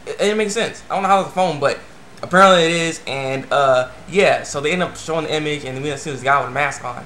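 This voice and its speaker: A man rambling casually through an anime episode review, breaking into squeaky voices for quoted characters. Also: fast, bright, forceful tone, reverberant, slight background noise.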